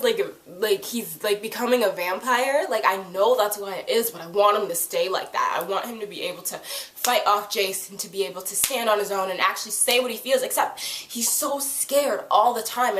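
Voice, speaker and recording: Excitable woman fan reviewing a TV show; casual, swears freely, recorded in an echoey room. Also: mid-range voice, slight background noise. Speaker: TV episode reviewer.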